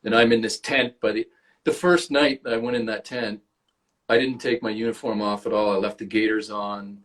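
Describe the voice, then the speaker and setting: Low-voiced Canadian man telling stories. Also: steady tone, normal speed, fairly bright tone. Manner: swears freely, storytelling with acted quotes. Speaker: actor, podcast guest. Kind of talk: casual interview chat.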